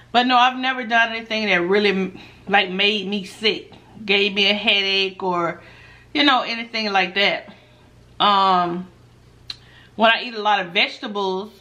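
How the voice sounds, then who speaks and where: Eating in front of the camera, a woman who makes mukbang videos reads out questions from viewers and responds in an easygoing, lively manner. Her medium-pitched voice frequently dissolves into laughs as she tells her stories.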